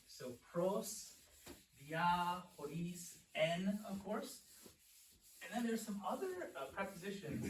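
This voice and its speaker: A young man teaching a Greek class in a church classroom, explaining patiently and repeating words slowly. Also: on the high side, a bit bright. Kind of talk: classroom lecture. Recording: echoey room, distant mic, faint hiss.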